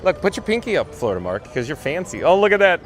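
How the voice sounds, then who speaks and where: An upbeat man hosts a livestream on foot outdoors, his slightly high voice picked up by a handheld phone. He reads viewer comments aloud in a relaxed, chatty way. Faint music plays in the background. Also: fast. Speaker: livestream host. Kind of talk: walking livestream reading chat. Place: outdoors walking through a theme park.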